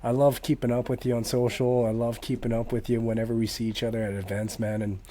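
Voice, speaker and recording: A man hosting a podcast, talking in a warm, encouraging, casual way to his guest. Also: medium pitch, level tone, fast talker. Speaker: podcast host. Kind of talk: casual conversation.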